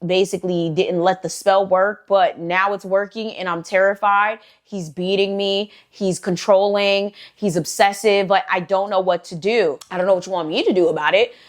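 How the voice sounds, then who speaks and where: A woman's voice: mid-range voice, normal speed, few pauses. Sassy young woman telling a story. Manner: animated, sassy, frequent asides. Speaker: storytime vlogger. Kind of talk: casual storytelling.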